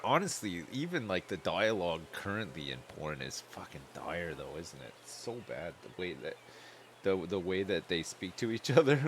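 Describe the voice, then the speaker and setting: A man's voice: lowish voice, a bit bright, a little hiss or hum. A man chatting loosely and joking while livestreaming a game, rambling from one thought to the next. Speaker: streamer.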